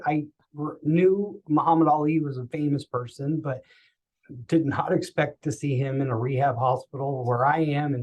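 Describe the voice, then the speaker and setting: On a podcast, a male guest with a slightly high voice shares a personal story, animatedly imitating the voices of the people he quotes. The audio quality is poor.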